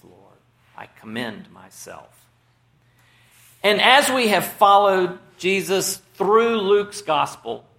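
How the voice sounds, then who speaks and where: A man delivers a sermon in a high, bright voice. He speaks slowly and deliberately, pausing for weight. The sound rings around an echoey room. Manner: slow, measured preaching with dramatic pauses. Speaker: pastor.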